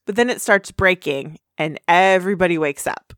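A woman's voice: moderate pace, no room sound, clean studio sound. A woman casually recapping a cartoon episode in a bubbly way. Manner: bubbly, puts on squeaky high voices for quotes.

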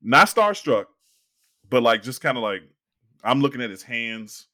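A young man telling a long story in casual podcast chat, animated and acting out the people he quotes. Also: medium pitch, a little slow.

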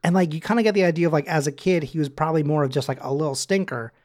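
A man co-hosting a podcast in casual chat, animated and often acting out characters in playful voices. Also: fairly high pitch, racing. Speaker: podcast co-host.

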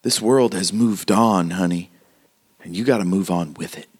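A man's voice: low-pitched, moderate pace, slightly rough. A man voicing a weary, blunt frontier townswoman who gives grim warnings. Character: weary hard-bitten woman Margot, frontier town local.

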